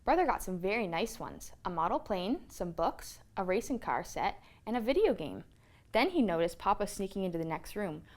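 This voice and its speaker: A woman storyteller reading a children's picture book aloud in an expressive read-aloud manner. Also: medium pitch, normal speed.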